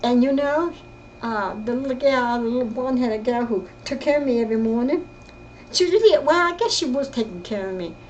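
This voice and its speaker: An older woman telling her own story in casual, rambling speech, often halting and repeating herself. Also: fairly high pitch, animated, lo-fi sound, slight background noise. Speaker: interviewee recounting her life. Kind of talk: casual spoken reminiscence.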